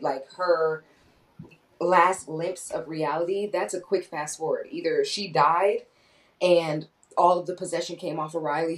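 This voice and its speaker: A woman co-hosts a casual movie review podcast with a low voice. She is animated and swears freely, acting out quoted lines. Her voice sounds set back a little from the microphone. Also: recorded from a distance, low-quality recording. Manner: animated, swearing, quoting herself and others. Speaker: podcast co-host.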